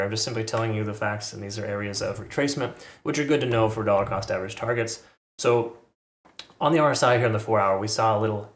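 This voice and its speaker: A man's voice: lowish voice, echoey room. A man giving casual, rambling commentary as he walks through crypto price charts, with frequent restarts and asides. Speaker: crypto market analyst.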